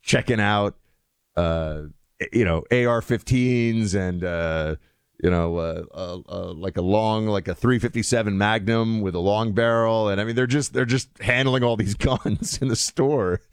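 A man's voice: lowish voice, unhurried, clear, resonant tone, dry recording, clean studio sound. A man hosting a show, chatting in casual commentary with lots of fillers and restarts. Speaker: show host.

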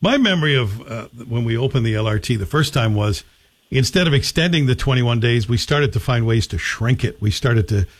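A man's voice: medium pitch, expressive, brisk. Conversational male radio host. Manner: conversational, thoughtful. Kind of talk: radio interview.

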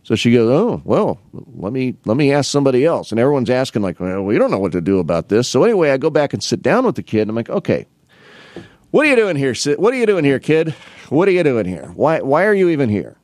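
A middle-aged man from the Midwest United States tells casual stories about advising students. He talks with lively rises and falls in pitch and acts out both sides of each exchange. His voice sounds dry and close, with no room sound. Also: fast talker, hardly any pauses, no room sound. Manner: rambling anecdotes with restarts, acting out both sides of conversations. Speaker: college academic advisor. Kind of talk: casual storytelling monologue.

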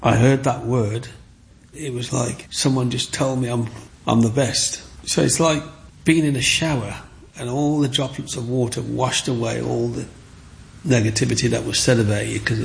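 An older man, telling stories from his childhood in an interview with animated, storytelling energy. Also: mid-range voice, normal speed, vocal fry, slight background noise. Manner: animated storyteller, acts out the voices of others.

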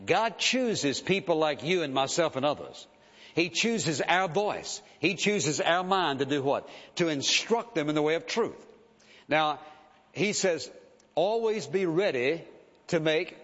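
A male pastor preaches a sermon in a church sanctuary with conviction, emphatic and insistent, often urging listeners to listen. His voice is a little high and a bit bright. The recording sounds dull, with long hall reverb.

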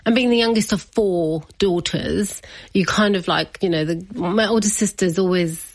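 Woman, lowish voice, chatty and laughy, super dry close sound. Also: normal speed, no echo. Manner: chatty, laughs often, acts out quotes. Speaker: interview guest. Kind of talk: personal storytelling.

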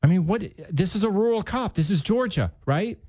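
A man hosting a talk radio show, musing aloud on a news story with halting restarts. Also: sits high, lively intonation, darkish tone, no room sound. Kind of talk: casual talk radio commentary.

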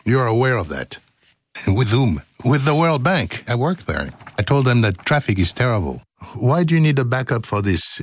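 A man's voice: medium pitch, big pitch swings, moderate pace, husky, no room sound. A male radio host reading his script in the studio, joking and laughing at his own slips.

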